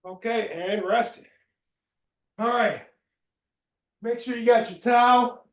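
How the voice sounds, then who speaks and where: High-voiced man coaching a workout. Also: slow, far from the mic. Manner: instructive, counts reps aloud, brief cues. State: out of breath at times. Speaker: fitness instructor. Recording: roomy echo.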